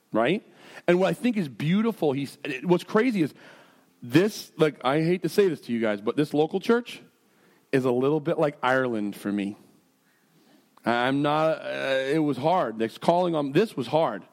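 Animated, higher-voiced pastor. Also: male voice. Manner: animated, jumps between storytelling and earnest prayer; self-deprecating and jokey. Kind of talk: sermon with storytelling and prayer.

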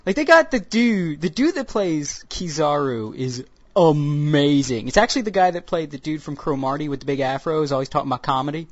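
A man's voice: a little high, expressive, fairly quick, few pauses, no echo. A man chatting casually on a podcast, talking animatedly and slipping into mocking character voices. The sound is dry and slightly dull, as from a home setup. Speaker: podcast co-host. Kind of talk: casual anime chat.

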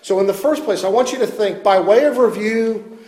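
A man's voice: sits high, moderate pace, darkish tone, in a large hall. A male pastor preaching a sermon in an earnest, self-deprecating way, often repeating words as he stresses a point.

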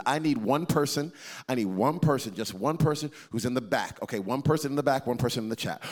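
A man preaching a sermon as pastor, talking in an animated, conversational way with jokes and interaction with his live and online congregation. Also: medium pitch.

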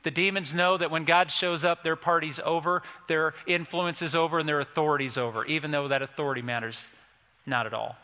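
A male pastor preaching a sermon, emphatic and storytelling, building to forceful peaks. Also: a little high, steady tone, brisk. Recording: long hall reverb.

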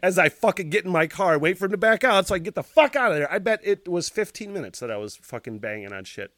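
A male podcast host tells a rambling, profanity-laced story, laughing mid-sentence and acting out the noises himself. His voice sits a touch high and swings widely in pitch. The sound is dry and close, with no room around it. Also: expressive, fast, a bit bright, no echo. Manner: laughs while talking.

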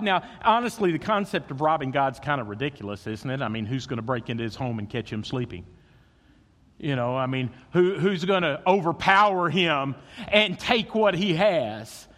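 A man preaching a sermon as pastor, swinging between loud emphasis and hushed, intimate tones. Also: on the high side, expressive, normal speed, in a large hall.

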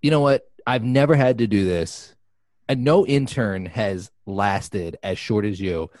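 A man's voice: on the low side, unhurried, a little mellow, dry recording, studio quality. A man co-hosting a comedy radio show, in theatrical, mock-indignant banter. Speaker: radio co-host.

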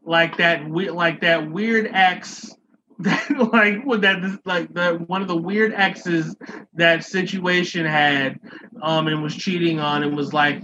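A man co-hosting a podcast, telling a profane, animated joking rant in casual chat. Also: a little high, slow, noisy background. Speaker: podcast co-host. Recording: dull lo-fi sound.

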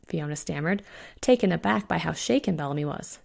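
A woman reading her own short story aloud in a steady, expressive storytelling voice. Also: low-pitched, brisk, creaky. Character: witch Fiona voiced in own voice.

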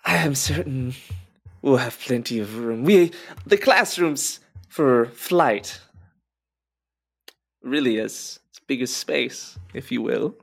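A man's voice: mid-range voice, animated, slow, creaky, slightly rough, exaggerated voice. A man voicing a tall, muscular, confident woman who teaches flying, speaking eagerly in formal phrases. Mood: excited.

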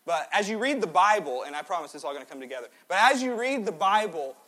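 A man in his twenties preaching a sermon in a church, swinging between loud exhortation and quiet, joking asides. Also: high voice, lively intonation, quick pace. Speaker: pastor. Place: church sanctuary.

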